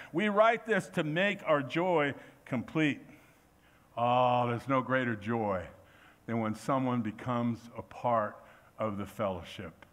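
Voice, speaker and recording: A man preaching a sermon in a church, animated and acting out quotes in changing voices. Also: fairly high pitch. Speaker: pastor.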